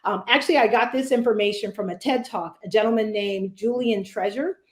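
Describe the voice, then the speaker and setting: A woman's voice: mid-range voice, fairly quick, roomy sound. A woman leading a virtual public speaking workshop, talking conversationally with fillers and frequent "right?" check-ins. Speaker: workshop presenter.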